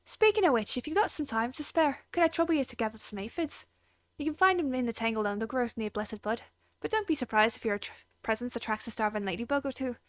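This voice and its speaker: A woman's voice: on the high side, quick pace, no echo, natural voice. A woman voicing a chatty game stable keeper in a put-on Irish accent, with folksy, rambling delivery.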